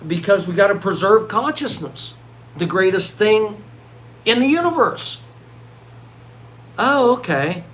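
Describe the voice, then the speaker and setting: High-voiced man ranting into his vlog. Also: unhurried, a little hiss or hum. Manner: animated, worked-up ranting with many restarts. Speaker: vlogger.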